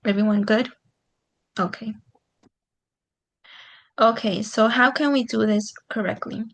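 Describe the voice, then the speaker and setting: A woman teaches punctuation in an online class, walking through each example patiently and filling pauses with "um." Her voice carries a gravelly fry, and her pitch stays fairly level and even throughout. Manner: patient, explains step by step with many "um"s. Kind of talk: online grammar lesson.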